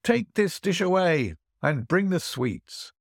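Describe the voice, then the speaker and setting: A man's voice: very animated, unhurried, darkish tone, slightly rough, no echo, studio quality, full character voice. A man voicing a boastful wealthy host who keeps pressing lavish food and wine on his guest. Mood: pressing, showy. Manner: high, insistent, grandly pressing food on a guest. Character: boastful wealthy male host, teasing and showy. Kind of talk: storytelling voice acting.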